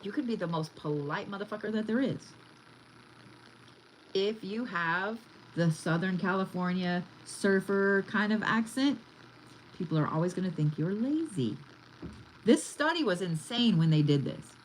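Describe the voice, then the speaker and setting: A woman's voice: medium pitch, lively intonation, a little slow, a little hiss or hum, poor audio. A woman giving a casual card reading, chatty and blunt, swearing freely as she talks. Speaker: tarot reader.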